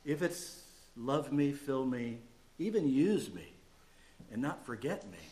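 A male pastor preaching a sermon, animated and conversational, dropping to quiet asides and rising to loud emphatic bursts. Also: medium pitch, slow pace.

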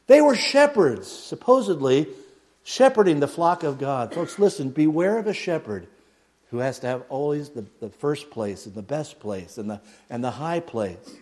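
A man preaching a sermon, dropping to near a hush and then rising loud. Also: a little high, animated, moderate pace. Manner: dramatic swings from hushed to loud, mocks a pompous prayer voice.

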